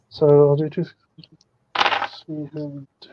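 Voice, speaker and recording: Higher-voiced male game master, lo-fi. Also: monotone, takes it slowly, no room sound. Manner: easygoing, laughs often. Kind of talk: narrating a tabletop game.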